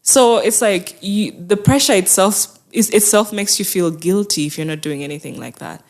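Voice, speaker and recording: A woman's voice: medium pitch, normal speed, a little mellow. A woman mental health therapist speaking as an interview guest, earnest and encouraging, often acting out people's inner thoughts. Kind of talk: conversational interview.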